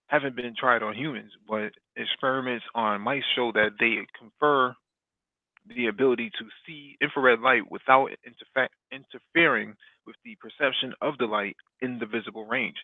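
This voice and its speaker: Male host reading news copy, mid-range pitch, frequent restarts, tinny phone-like line. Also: moderate pace, no echo. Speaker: podcast host. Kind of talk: reading a news article aloud.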